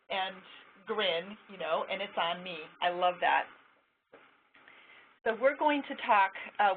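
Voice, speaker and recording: A woman giving an encouraging, casual training lecture to interpreters. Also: medium pitch. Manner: warm-hearted, encouraging, casual with fillers. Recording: tinny phone-like line with faint noise.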